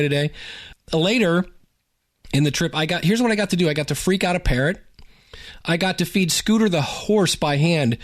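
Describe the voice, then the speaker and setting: A man hosting his podcast, talking in an upbeat, chatty and enthusiastic way. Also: on the high side. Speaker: podcast host. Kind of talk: casual podcast monologue.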